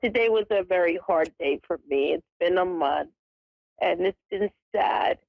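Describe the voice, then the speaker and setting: Sad woman caller on the line, gravelly voice, kinda dull lo-fi audio. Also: fairly low pitch, unhurried, dry recording. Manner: grieving, soft and tearful. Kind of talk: emotional phone-in call.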